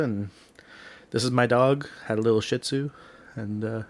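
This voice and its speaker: A man's voice: mid-range voice, fairly even intonation, normal speed. A man hosting a podcast in casual chat, telling stories in a rambling way full of "um", "like" and "right?". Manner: rambling storyteller, heavy on "um", "like" and "right?". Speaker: podcast host.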